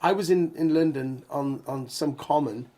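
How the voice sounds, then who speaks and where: A middle-aged man in a band, telling stories in a lively, laughing way during a casual interview. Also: fairly high pitch, moderate pace, slight background noise. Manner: animated, laughing storyteller. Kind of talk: casual storytelling chat.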